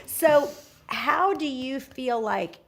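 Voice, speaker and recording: A woman hosting a leadership podcast, telling lively anecdotes and acting out the people she quotes. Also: high-pitched, slow. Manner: animated storyteller, acts out quotes. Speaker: podcast host. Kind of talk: casual leadership podcast chat.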